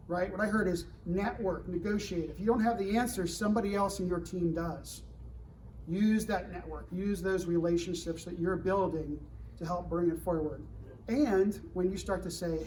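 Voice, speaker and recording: A middle-aged man giving a fireside chat to students at a live event, animated and full of rhetorical questions to the crowd. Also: high-pitched, normal speed, far from the mic, slight background noise, poor audio. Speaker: government security director speaking to students. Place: university event room.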